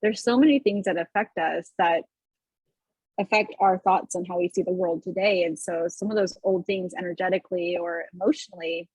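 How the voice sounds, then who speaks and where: A woman guest on a podcast, talking in a thoughtful, supportive, measured way. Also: lowish voice, darkish tone, breathy edge, no room sound, rough recording. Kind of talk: casual chat.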